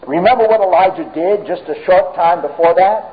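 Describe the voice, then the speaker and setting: A man preaching a sermon emphatically, swinging between raised and hushed delivery. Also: high-pitched, lively intonation, normal speed, few pauses. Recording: tinny phone-like audio.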